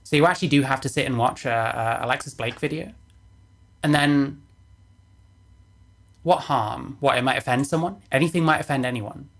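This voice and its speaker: A woman's voice: extremely low pitch, normal speed, pauses often. A woman reacting to a video on stream, sarcastic, swearing and dismissive in casual commentary.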